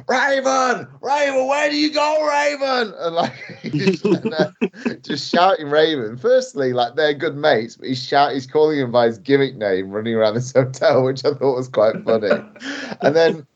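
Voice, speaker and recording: A man's voice: mid-range voice, animated, normal speed, a little mellow. A young man, a wrestler, telling a story on a podcast in a rambling way, full of fillers and laughs. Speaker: guest wrestler. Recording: dull lo-fi audio.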